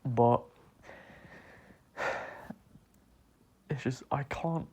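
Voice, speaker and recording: A man crying as he talks through an apology, halting and choked, with long pauses, sighs and breathy half-whispered words. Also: medium pitch, darkish tone. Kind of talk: tearful personal apology monologue.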